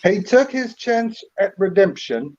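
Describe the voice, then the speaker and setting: A man co-hosting a casual sports picks chat, relaxed and repeating words as he thinks. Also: sits high, a little slow. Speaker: co-host. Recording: slightly dull lo-fi audio.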